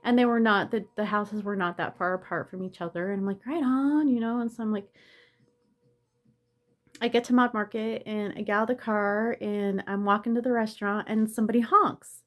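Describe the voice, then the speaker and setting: A woman's voice: medium pitch, fairly even intonation, brisk. A woman casually telling a story on her vlog, laughing often and swearing, sounding in pain and close to tears. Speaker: vlogger.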